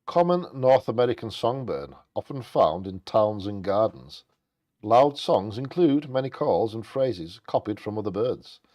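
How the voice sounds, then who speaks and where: A man with a fairly low voice co-hosts a live bingo show. He reads bird facts aloud and drops quick, jokey asides in a relaxed, casual way. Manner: jokey, quick asides between read passages. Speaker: co-host of a live bingo stream.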